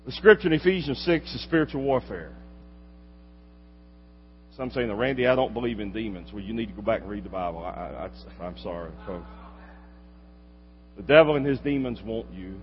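A man's voice: lowish voice, animated, normal speed, long pauses. Man preaching in a reverberant hall. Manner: dramatic swings from loud exhortation to quiet asides. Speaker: pastor. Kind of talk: sermon. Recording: dull lo-fi recording with long hall reverb and faint hum.

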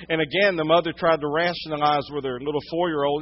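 Male pastor, sermon, dramatic hush-to-loud delivery, fairly high voice, lo-fi muffled audio. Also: fairly even intonation, quick pace, hardly any pauses, a little hiss or hum. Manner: dramatic swings from hushed to loud storytelling.

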